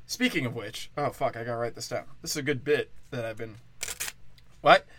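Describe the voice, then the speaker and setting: A man's voice: medium pitch, brisk, fairly bright tone, slight background noise. A tipsy man hosting a podcast, delivering a crude, rambling comedic monologue and often breaking off mid-thought. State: tipsy from tequila.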